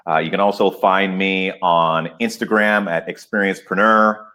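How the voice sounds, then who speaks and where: Low-voiced excited man. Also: moderate pace. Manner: excited, emphatic, laughs often. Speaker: guest. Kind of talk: enthusiastic podcast interview.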